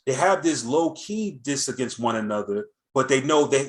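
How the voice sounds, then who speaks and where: With a medium-pitched voice and moderate pacing, a man hosts a casual American talk show. He tells a story in a rambling, animated way, constantly restarting and leaning on filler words.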